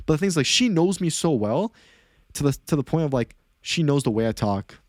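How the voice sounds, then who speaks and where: A man's voice: fairly high pitch, no echo, studio quality. A man hosting a podcast, telling a story in a casual chat with lots of fillers and restarts. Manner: fast, animated storytelling with many fillers. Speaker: podcast host.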